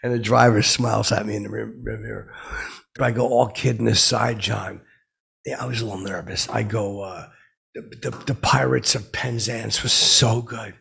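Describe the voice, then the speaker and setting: A man does a full character voice for a comedy podcast monologue, playing a starstruck oddball who rambles through awkward celebrity anecdotes. His voice sits on the low side, gravelly and husky yet bright, steady and forceful at normal speed. The storytelling meanders awkwardly with nervous asides.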